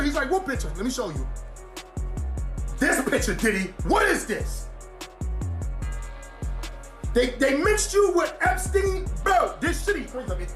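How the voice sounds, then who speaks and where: Brash woman comic, high voice that swings all over, street slang, swaggering delivery, echoey room with music. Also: big pitch swings, moderate pace, pauses often. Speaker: comedian. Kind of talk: comic storytelling skit.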